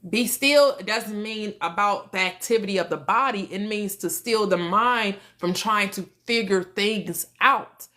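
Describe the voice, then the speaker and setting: A woman's voice: mid-range voice, unhurried, few pauses, bright, forceful tone. A woman hosting a livestream on manifestation, teaching casually and answering questions from chat. She laughs often, repeats words and restarts her sentences.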